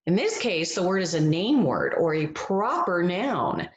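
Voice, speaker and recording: Woman teacher, slow, encouraging read-aloud; lowish voice, echoey room. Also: very animated. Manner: gentle, encouraging, drawn-out sounds. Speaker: reading teacher. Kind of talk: read-aloud phonics lesson.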